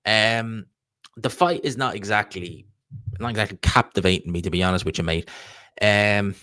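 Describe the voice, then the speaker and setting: At a normal speed, an Irish streamer with a fairly low, pushed, bright yet clean voice answers viewer chat questions in a casual, rambling way while hosting a live stream. It's a studio-quality recording with no room sound.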